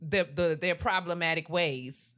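Low, bright-toned woman in casual talk. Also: measured pace. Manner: thoughtful, uses lots of "right?" and "like". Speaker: podcast co-host. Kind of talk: casual chat.

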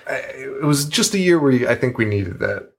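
Husky-voiced man in casual podcast banter. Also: mid-range voice, lively intonation, normal speed. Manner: profane, rambling, laughs often. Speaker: podcast co-host. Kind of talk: casual chat.

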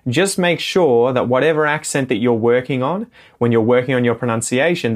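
An Australian man co-hosting an English-learning podcast, explaining pronunciation tips in a clear, steady way. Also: medium pitch. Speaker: podcast co-host and English teacher. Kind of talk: podcast lesson talk.

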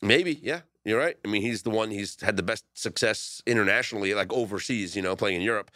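A man hosting a sports betting show, chatting casually and getting excited as he talks. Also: lowish voice, brisk, no room sound, clean studio sound.

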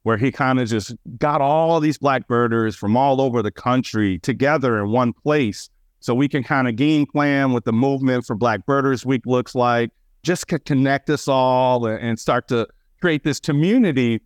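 A man telling stories as a birding guest on a radio chat show, animated and excitable, with lots of fillers. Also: medium pitch, normal speed, no room sound. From Wisconsin, USA.

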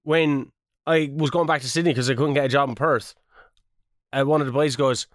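A man's voice: mid-range voice, fairly even intonation, normal speed, dry recording, studio quality. An Irish man in his thirties co-hosting a casual podcast, bantering and swearing freely. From Ireland. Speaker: podcast co-host.

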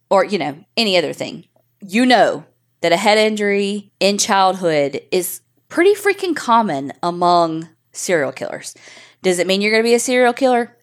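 A woman co-hosting a podcast, telling a true-crime story in a chatty, frank way with casual swearing. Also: mid-range voice. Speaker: podcast co-host.

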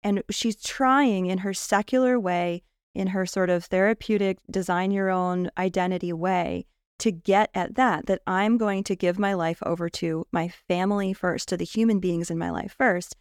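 A woman's voice: medium pitch, steady tone, moderate pace, clean tone, dry recording, clean studio sound. A woman on a casual panel podcast, thoughtful and laughing lightly between her points.

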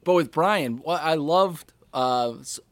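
A man's voice: a little high, slow, no echo. A man hosting a podcast, chatting casually and teasing his guest. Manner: playful, teasing interjections. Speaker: podcast host. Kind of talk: casual chat.

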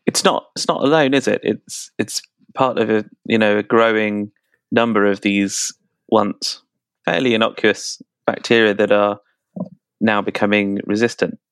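A man's voice: lowish voice, fairly even intonation, unhurried, a bit bright, clean tone, no echo. A man hosting a podcast interview, asking questions with many restarts and repeated words. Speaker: podcast host.

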